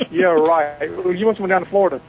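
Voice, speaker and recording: A man's voice: sits high, fast, vocal fry. Joking Southern man on a muffled call. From Mobile, Alabama, US. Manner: joking, boisterous, folksy storyteller. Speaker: guest. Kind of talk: phone interview chat.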